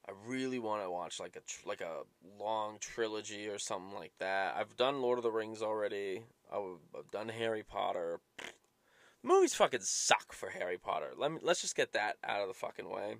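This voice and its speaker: A man's voice: lowish voice, animated, moderate pace, creaky, fairly bright tone, no room sound. A man hosting a solo podcast, rambling and swearing and drifting from topic to topic. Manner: profane, rambling, easily sidetracked. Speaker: podcast host.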